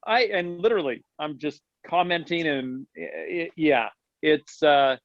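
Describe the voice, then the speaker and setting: A man's voice: on the high side, unhurried, creaky, no echo, lo-fi sound. A man chatting on a video call, chiming in with enthusiastic, teasing remarks. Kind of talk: casual chat on a video call.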